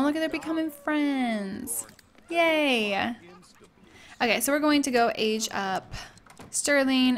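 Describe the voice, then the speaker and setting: Bubbly young woman gushing over her game. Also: on the high side. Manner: bubbly, gushing, talks to her characters and viewers. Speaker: gaming YouTuber. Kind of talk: casual let's-play commentary.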